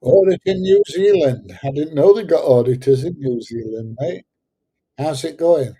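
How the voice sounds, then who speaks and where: A middle-aged man chats casually on a livestream. His voice is mellow and a little husky, and he rambles along, pausing often on fillers as he answers his viewers. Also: on the high side, big pitch swings, rough recording. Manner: rambling and hesitant, many fillers. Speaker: livestream host answering chat.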